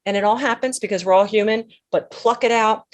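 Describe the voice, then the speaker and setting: A woman's voice: medium pitch, a little fast. A woman guest in a podcast interview, speaking emphatically and punchily, full of sayings. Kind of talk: conversational interview.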